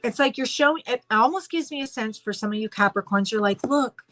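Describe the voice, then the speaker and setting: A woman giving a casual spoken tarot reading, excitable and rambling with many restarts. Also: a little high, fast talker, soft background music. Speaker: tarot reader.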